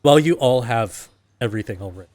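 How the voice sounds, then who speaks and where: A man running a tabletop roleplaying game, describing the scene and speaking for the characters his players meet. He narrates calmly and without hurry, at a middle pitch. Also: fairly quick. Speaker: game master.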